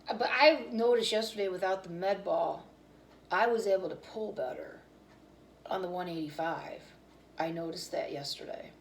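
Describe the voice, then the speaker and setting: A woman's voice: lowish voice, normal speed, gravelly, a little hiss or hum, rough recording. A woman hosting her own cooking channel, chatting casually and candidly with viewers while tired and yawning. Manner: rambling, candid, talks about fitness and feelings.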